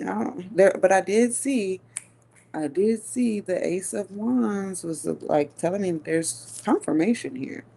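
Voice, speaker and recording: A woman doing a live tarot reading in a mellow, darker voice. She muses slowly, filling long pauses with hums, and talks casually with plenty of swearing. Her pitch sits in a middling range. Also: creaky, breathy edge. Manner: casual and profane. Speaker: tarot reader.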